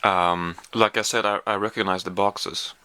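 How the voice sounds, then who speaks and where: A man's voice: lowish voice, fairly even intonation, normal speed, noisy background. A man chatting casually through a taste-test vlog, hesitant with lots of fillers, sometimes talking while chewing. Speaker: vlogger.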